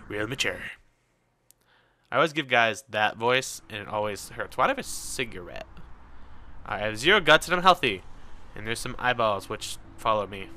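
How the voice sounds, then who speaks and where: A man giving casual let's-play commentary with mumbled, offhand asides, over loud background music. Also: on the low side, expressive, normal speed, long pauses, a little hiss or hum. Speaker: gaming video host.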